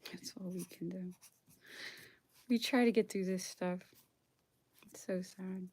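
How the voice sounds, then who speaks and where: Slow and fairly low-pitched, with fairly even intonation and a darkish tone, a woman vlogger reads history aloud in an emotional solo monologue, whispering asides and nearly crying. Slight background noise is audible.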